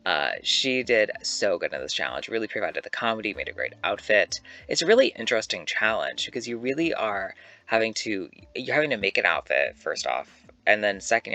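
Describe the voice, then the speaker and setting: A young man and YouTuber giving casual, animated commentary to camera, chatty and swearing freely. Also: on the low side, vocal fry, dry recording. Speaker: YouTuber ranking reality-show contestants.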